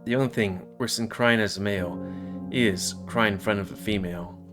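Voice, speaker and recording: A man's voice: lowish voice, moderate pace, music in the background. A man reading a visual novel aloud in the first person, with offhand asides to viewers. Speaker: let's player.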